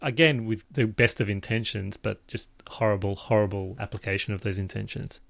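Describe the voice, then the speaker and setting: A man's voice: on the low side, fairly even intonation, brisk, gravelly, no room sound. A man co-hosting a book club podcast in casual chat, with a wry, playful delivery. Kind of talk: casual chat with a comic rating scale.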